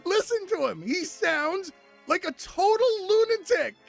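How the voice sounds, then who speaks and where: A high-voiced man hosts a sports talk radio show, joking around and breaking into laughter. His delivery is animated and casual, with faint music behind him. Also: a little slow, vocal fry.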